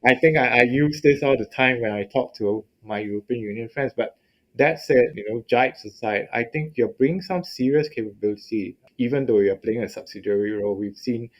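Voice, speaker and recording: A male interviewer with a mid-range pitch, chatting easily and setting up each question with a story. The recording has a slightly dull, muffled quality. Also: a little fast. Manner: conversational, sets up questions with anecdotes. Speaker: interviewer, editor hosting. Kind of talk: policy interview.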